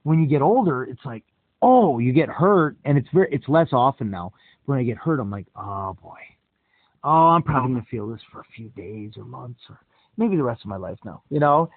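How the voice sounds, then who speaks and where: Animated man telling a story, tinny sound. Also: mid-range voice, a little fast, no room sound. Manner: animated storyteller, acts out quoted voices with big jumps. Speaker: podcast host. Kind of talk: casual storytelling chat. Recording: tinny phone-like dry sound.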